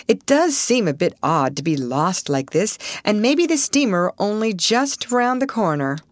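Jolly, reassuring older Irish woman, read by a woman, lively lilt. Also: mid-range voice, a little slow, no echo, voice pushed up. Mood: cheerful. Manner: cheerful, reassuring.

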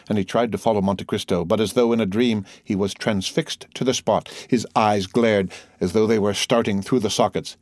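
A man narrates a classic novel in a measured, dramatic way. His voice is on the low side. The recording is dry and close, with no room sound. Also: steady tone, darkish tone, no echo. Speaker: audiobook narrator.

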